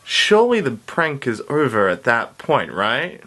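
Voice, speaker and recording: A young man recounts a story to camera with lots of life in his voice, his pitch leaping up and down as he acts out the people in it. He laughs easily and keeps a casual, chatty flow. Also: huge pitch swings, a little slow, a bit bright. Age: young adult. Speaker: university student and vlogger.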